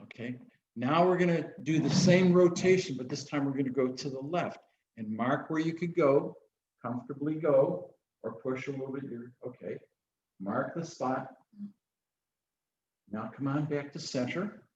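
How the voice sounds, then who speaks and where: A male minister teaches a live class in a relaxed, conversational way. He asks the group questions and leads them through an exercise. The recording is a little dull and lo-fi. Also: mid-range voice, normal speed, slight background noise. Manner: conversational, guiding the class with direct questions and instructions.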